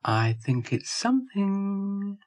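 A kindly, sensible little girl, voiced by a man, gently coaxing her friend along in a lifted, lilting voice. She speaks slowly, and the recording is close and dry. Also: sits high, sing-song, dry recording, pitched above the performer's own voice, heavily acted.

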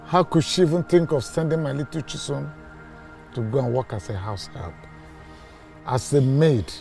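Man acting as Nigerian father, bitter, pained, music loud behind. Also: on the low side, unhurried, lightly acted. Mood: distressed. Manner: pleading, emotional, bitter. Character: distressed poor father of several children.

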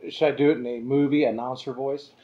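A man co-hosting a whiskey and cigar review with dry, deadpan sarcasm. His voice sits in a plain middle range and stays casual. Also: medium pitch, quick pace, lo-fi sound. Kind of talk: casual chat.

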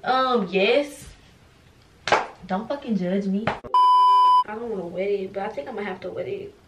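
A woman's voice: mid-range voice, wildly swooping pitch, measured pace, very noisy. A young woman, vlogging casually and profanely to viewers while getting ready at home, self-mocking and frank. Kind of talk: get-ready-with-me vlog.

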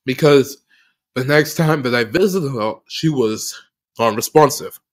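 A man hosting a podcast, telling a personal story of loss in an emotional, halting way, often repeating phrases, with earnest faith. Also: mid-range voice. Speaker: podcast host.

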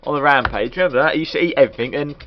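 Man, casual game commentary, crude jokes, rambling, mid pitch, dull lo-fi sound, keyboard clicks behind. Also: very fast. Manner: rambling, crude, joking asides. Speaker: game reviewer. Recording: dull lo-fi recording.

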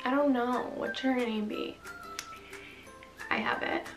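A woman's voice: a little high, steady tone, a little slow, far from the mic. A young woman giving sarcastic, chatty commentary while playing a story game and reading its lines aloud. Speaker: gaming vlogger. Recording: echoey room, voice off-mic, music behind.

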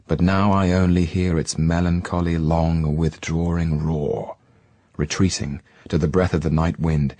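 A man's voice: low-pitched, a little mellow, dry recording. A man giving a solemn poetry reading and lingering over the words.

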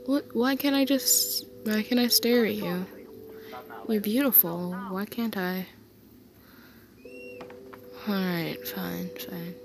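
A woman voicing an affectionate young man who soothes his partner to sleep in a soft comfort role-play, tender and reassuring. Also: mid-range voice, a little slow, noisy background, natural voice.

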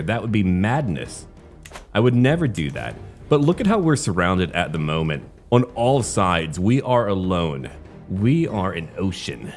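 A man commenting on his strategy game play in a wry, chatty way, now and then trying out quick joking voices. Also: deep voice. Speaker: game streamer.

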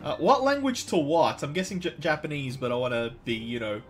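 A man's voice: fairly high pitch, very animated, brisk, faint music behind. A man in casual game commentary, chatty and jokey, often stumbling over words. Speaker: let's play streamer.

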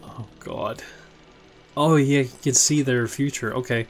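A man's voice: medium pitch, fairly even intonation, a little slow, pauses often, fairly bright tone, faint music behind. A man with a stuffy nose, chatting casually and swearing lightly as he reacts to an anime episode, with the show's audio playing underneath.

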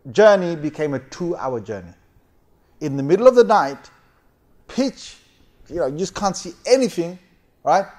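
A man preaching a sermon as a lively story. He often laughs, swings his voice up and down, and keeps checking with his listeners. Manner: animated, laughing often, big swings in pitch and loudness; chatty, asks the audience for agreement.

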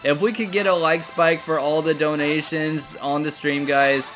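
A man's voice: a little high, fairly even intonation, moderate pace, a bit bright. A young man livestreaming, crying and laughing as he thanks viewers for their support. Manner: overjoyed, laughing and tearful, breathless thanks. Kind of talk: excited livestream commentary. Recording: dull lo-fi stream audio with faint music.

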